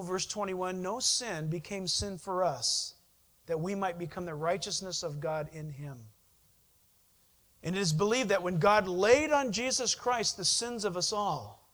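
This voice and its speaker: A man preaching a sermon to a congregation, animated, often putting questions to the listeners and answering them himself. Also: sits high. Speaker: pastor.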